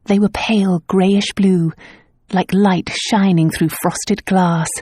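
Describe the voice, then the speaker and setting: A woman narrating a romance novel as an audiobook in a measured storytelling manner. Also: mid-range voice, fairly even intonation, dark tone, breathy edge, no echo, studio quality.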